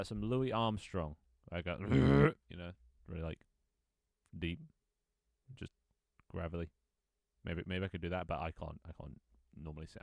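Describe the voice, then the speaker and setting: A man with a very low voice chats loosely over a multiplayer game, teasing other players and breaking into chuckles. The sound is dry and close, with no room around it. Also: vocal fry, no echo. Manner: playful, joking, chuckles often. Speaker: gaming streamer. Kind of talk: casual gameplay chat.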